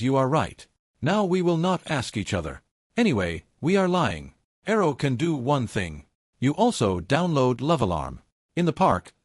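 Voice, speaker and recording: Lively man narrating a drama recap. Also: mid-range voice, dry recording, clean studio sound. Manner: reads quoted dialogue in the same plain narrating voice.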